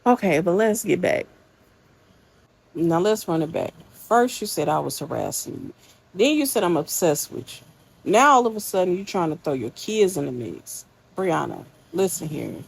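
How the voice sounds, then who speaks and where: A woman's voice: on the low side, expressive, moderate pace, vocal fry, husky, poor audio. A woman hosting a commentary channel, reacting in a casual, slangy, indignant scolding way.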